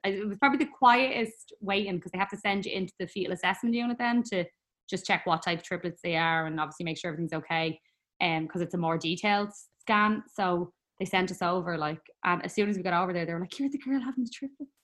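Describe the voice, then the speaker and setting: A young adult woman with an Irish accent, a guest in an interview telling her story casually, full of fillers and quick laughs. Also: on the low side, steady tone, fairly bright tone. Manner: chatty, laughs often, lots of "like" fillers.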